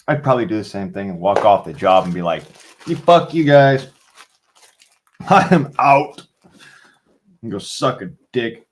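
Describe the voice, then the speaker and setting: A man hosting a livestream, chatting casually to viewers in a rambling, profane way and laughing often. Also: medium pitch. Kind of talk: casual rant to a live chat.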